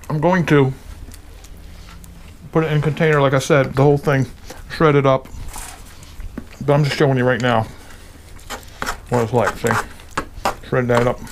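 Excited man tasting his barbecue. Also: medium pitch, slight background noise. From Pennsylvania. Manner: enthusiastic, tasting and reacting with pleased murmurs. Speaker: cooking video host. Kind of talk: casual cooking vlog.

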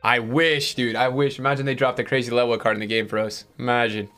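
A male streamer giving live-stream commentary to his chat, excitable and swinging between hype and letdown with plenty of fillers. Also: mid-range voice, fast, faint music behind. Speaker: streamer opening game packs.

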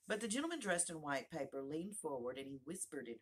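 A woman reads a storybook aloud, giving each character a voice. Her voice sits low with a husky grain and moves with lively rises and falls. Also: fairly quick, hardly any pauses. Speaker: narrator, audiobook reader.

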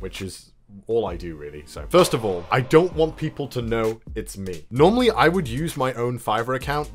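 Animated man hosting a comedy video. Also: medium pitch. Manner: excitable, swearing, laughs often. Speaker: YouTuber host. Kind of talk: casual commentary.

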